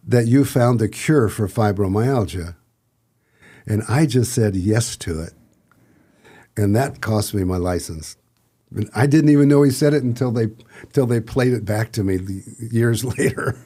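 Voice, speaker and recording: A middle-aged man on a podcast, talking in a fairly low, warm and mellow voice. He rambles through anecdotes, restarts his sentences and briefly mimics the people in his stories. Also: lively intonation, a little slow, slightly rough. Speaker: podcast guest. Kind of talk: casual storytelling.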